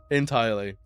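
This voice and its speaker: A man's voice: medium pitch, fairly bright tone, clear, resonant tone, no room sound. A man streaming live, chatting casually, joking, laughing often and rambling between stories.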